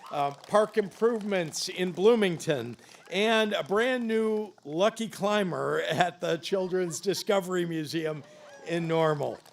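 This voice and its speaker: A middle-aged man delivers a political stump speech into a podium microphone. His voice sits a little high and carries a gravelly rasp. He pushes out loud punches and drops low for the grave points. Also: unhurried, slight background noise. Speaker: governor giving a campaign speech. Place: public campaign event.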